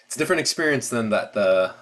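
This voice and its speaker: A man's voice: medium pitch, expressive, quick pace, fairly bright tone. A man with an American accent hosting a casual livestream, rambling with lots of fillers and restarts. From United States. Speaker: livestream host.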